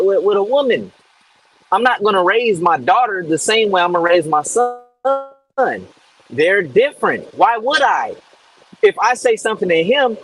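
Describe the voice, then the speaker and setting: Husky blunt preaching man. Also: high voice, a bit bright, rough recording. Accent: Southern US. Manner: blunt, streetwise, repetitive phrasing. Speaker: Bible teacher. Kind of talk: informal preaching talk.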